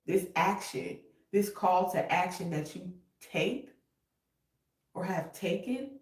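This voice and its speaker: A woman's voice: on the low side, slow, darkish tone, far from the mic. A woman reading tarot, casual and emotional, cursing freely and sometimes breaking into song. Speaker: tarot reader. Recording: roomy echo, voice a bit off-mic.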